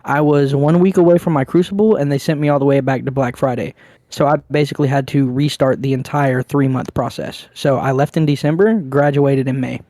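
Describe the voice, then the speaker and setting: A man's voice: medium pitch, fairly even intonation, a little fast, mellow, no room sound, clean studio sound. A young man co-hosting a podcast, telling crude, rambling stories in casual chat. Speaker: podcast co-host.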